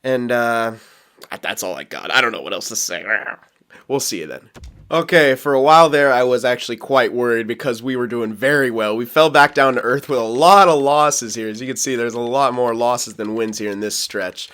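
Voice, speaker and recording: A man's voice: medium pitch, fairly bright tone. A man casually commenting as he plays a hockey franchise mode, rambling and laughing, talking straight to his viewers. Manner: rambling, self-aware, quick to laugh; talks to viewers while managing a hockey franchise. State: hiccups. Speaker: gaming YouTuber.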